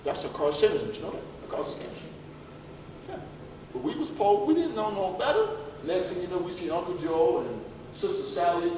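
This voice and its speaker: A man gives a health talk in a church hall, his fairly high voice bouncing around the room from a distance. He is folksy and emphatic and keeps throwing rhetorical questions at the audience. There is a faint hum of room noise behind him. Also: expressive, a little fast, a little mellow. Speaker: health lecturer. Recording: echoey hall recorded from far off.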